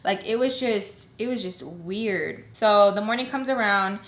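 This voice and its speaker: A woman's voice: medium pitch, measured pace, fairly bright tone. A young woman telling a personal storytime in a casual vlog, candid and blunt, with plenty of swearing. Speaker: storytelling vlogger. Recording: roomy echo.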